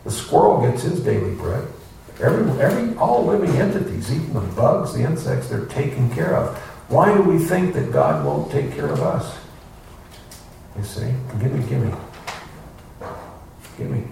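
A man teaching an informal scripture class, asking rhetorical questions in a folksy way. His voice is gravelly and lively, rising and falling a lot. He is recorded from a distance in a very echoey room with faint background noise. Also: mid-range voice, normal speed. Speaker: spiritual teacher giving a class.

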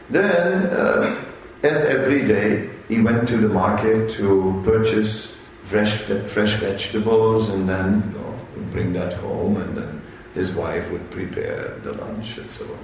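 A man giving a religious talk at a retreat, telling a story in a halting way and briefly voicing the people in it. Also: on the low side, darkish tone, heavy reverb, distant mic, a little hiss or hum, poor audio. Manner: halting, unhurried storyteller who briefly voices quoted characters.

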